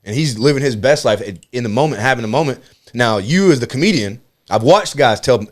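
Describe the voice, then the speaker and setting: Fast-talking profane male storyteller. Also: medium pitch. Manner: fast, profane, animated storytelling with acted-out quotes. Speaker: comedian guest. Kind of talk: casual podcast storytelling.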